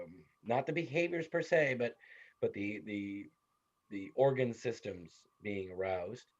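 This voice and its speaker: Man teaching a class, low voice, lively and chatty, dull lo-fi recording. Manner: animated, conversational, tells family stories. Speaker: psychology instructor. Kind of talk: classroom lecture.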